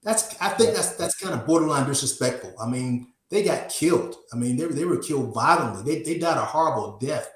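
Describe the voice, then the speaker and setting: Male defense attorney guest, mid pitch, measured, repeats words while thinking, roomy echo. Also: lively intonation. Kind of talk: conversational legal analysis.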